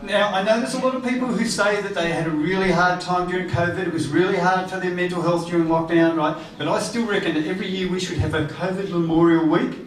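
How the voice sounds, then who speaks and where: High-voiced comic in an echoey room. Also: male voice, fairly even intonation, slight background noise. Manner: chatty, teasing the crowd with quick asides. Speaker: stand-up comedian. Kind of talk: stand-up comedy set. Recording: echoey room, distant from the mic.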